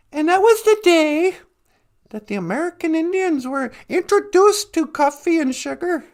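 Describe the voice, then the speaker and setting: A man hosts a livestream and retells a film as a loose, jokey story, correcting himself as he goes. His voice is gravelly and high, with an easygoing, rambling manner. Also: lively intonation, moderate pace. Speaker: livestream host. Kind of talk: casual comic storytelling.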